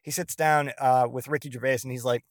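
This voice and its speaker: A man's voice: mid-range voice, a little fast, no echo, studio quality. A man hosting a podcast, rambling through a casual monologue and swearing freely as he retells scenes. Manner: profane, rambling, animated retelling. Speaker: podcast host.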